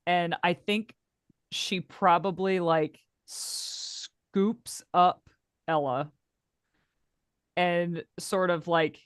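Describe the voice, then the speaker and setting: A woman's voice: fairly low pitch, fairly even intonation, very slow, pauses often, clean tone, dry recording, clean studio sound. A woman playing a tabletop role-playing game, narrating her moves in a rambling way and laughing often. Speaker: player.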